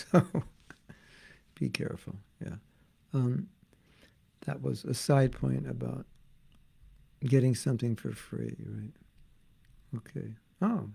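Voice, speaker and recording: Older male teacher, mellow and gravelly, casual humorous lecture style. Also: medium pitch. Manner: joking, conversational, reads viewer comments aloud. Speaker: spiritual teacher. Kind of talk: informal online class.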